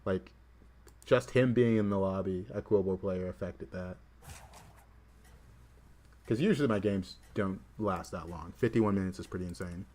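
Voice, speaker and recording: A man's voice: sits low, normal speed, long pauses, mellow. A man from the southern US with a Southern accent, chatting casually while streaming a game and saying "like" often. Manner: chatty, filler-heavy with "like". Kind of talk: casual livestream commentary.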